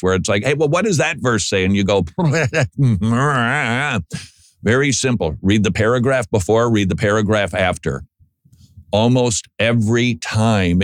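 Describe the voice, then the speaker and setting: Reacting sardonically to speech clips, the political commentator chats conversationally and keeps starting his sentences over. He has a lowish voice, recorded at studio quality without echo.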